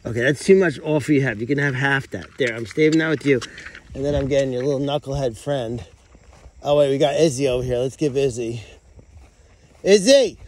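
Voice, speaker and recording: A middle-aged caretaker from an animal sanctuary, speaking quickly in a steady, medium-pitched voice, chats with rescue pigs outside on a farm. It's a casual livestream, and he loudly calls out each pig's name.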